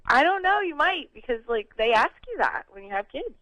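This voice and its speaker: A woman's voice: high-pitched, sing-song, fairly quick, sharp tone, dry recording, poor audio. A woman, co-hosting a casual morning radio show with friendly, easygoing talk. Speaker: radio co-host. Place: radio studio.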